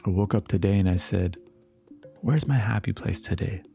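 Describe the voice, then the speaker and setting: A man giving a calm, reflective motivational talk, repeating affirmations and sometimes dropping into a soft whisper. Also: lowish voice, moderate pace, gravelly, soft background music. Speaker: motivational speaker.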